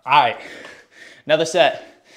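Young male fitness streamer, high voice, winded, casual bro energy. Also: measured pace, fairly bright tone. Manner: hyped, casual bro talk to chat. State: out of breath. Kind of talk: live workout stream chat.

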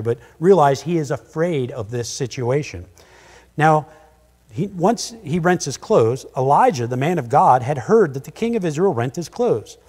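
A man's voice: on the high side, darkish tone. A man teaching a Bible sermon in a casual, conversational way, paraphrasing scripture with frequent restarts. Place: church sanctuary. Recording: church hall with long reverb.

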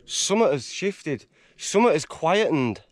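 An English man vlogging from a high mountain trail, rambling and emotional, breaking into laughter. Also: sing-song, takes it slowly. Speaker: hiker vlogger. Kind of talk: casual vlog talk.

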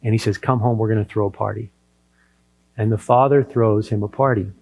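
A man's voice: lowish voice, fairly even intonation, a little fast, darkish tone, breathy edge. A man preaching a sermon, retelling a parable and acting out the characters' lines. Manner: storytelling preacher who acts out the characters' quotes. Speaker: pastor.

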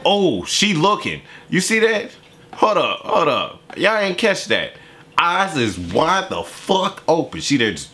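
Lively, bright-voiced young man joking. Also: a little high, unhurried. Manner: animated, profane, joking play-by-play. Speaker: YouTube reaction host. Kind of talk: casual reaction commentary.

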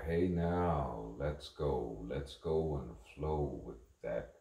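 A man's voice: extremely low pitch, very slow, gravelly, mellow, roomy sound. A man delivering a rambling, repetitive spoken monologue, musing to himself.

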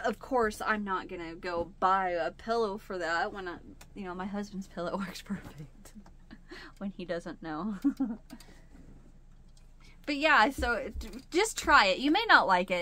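A woman's voice: lowish voice, sharp tone. A woman hosting a home crochet video, talking casually and rambling, with frequent laughs, while sitting in a chair at home. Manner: chatty and rambling, laughs often. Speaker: crochet channel host. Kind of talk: casual chat.

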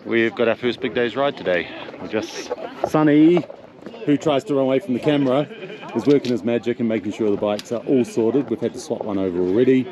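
A man hosting a travel vlog outdoors in a mountain town, speaking in a reflective, softly awed way as he leads a tour. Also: mid-range voice, a little fast. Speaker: tour leader and vlog host. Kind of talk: casual travel vlog narration. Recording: outdoor street crowd behind.

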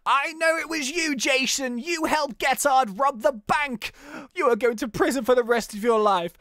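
Brief: gamer doing a dramatic detective, lively delivery, dry sound. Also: mid-range voice, brisk, no room sound, pitched above the performer's own voice. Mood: earnest. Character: earnest adult male game detective.

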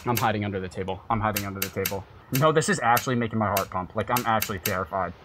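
A man's voice: fairly low pitch, very fast, very noisy. A young man streaming a horror game, muttering to himself, then shrieking and cursing in panic. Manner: swings from mumbling to panicked shrieking and swearing. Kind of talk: gaming commentary. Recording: game music playing behind.

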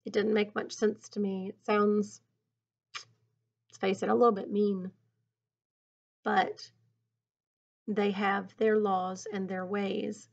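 A woman reading a picture book aloud in an expressive, teacherly way, pausing to think aloud about the story. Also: medium pitch, vocal fry. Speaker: storybook reader. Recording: dull lo-fi recording.

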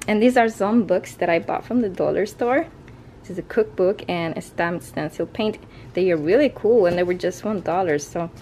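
A woman with a somewhat low speaking voice gives a relaxed, rambling tour of her home craft studio. She talks loosely and restarts her sentences. A faint ambient hum sits under her voice. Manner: chatty, loose, with fillers and restarts. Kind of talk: casual home tour narration.

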